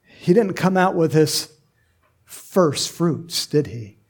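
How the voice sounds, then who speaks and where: A man delivers a sermon in a loose, conversational way, slipping into playful acted voices. His voice is gravelly and a touch husky, pitched a little high for a man. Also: expressive, takes it slowly. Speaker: pastor.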